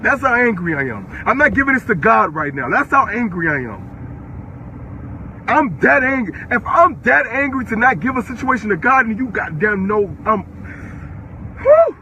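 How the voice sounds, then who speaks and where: A man's voice: high-pitched, big pitch swings, normal speed, pushed and bright, a little hiss or hum. An eighteen-year-old man ranting on a live stream, furious and profane, firing the same questions again and again. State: upset and worked up. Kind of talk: angry live-stream rant.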